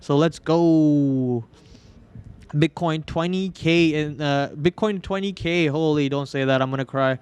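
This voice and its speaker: Smooth-voiced young man, casual trading host. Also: fairly high pitch, normal speed, few pauses, no echo. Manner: joking, melodramatic whining about losses. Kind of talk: casual live trading commentary.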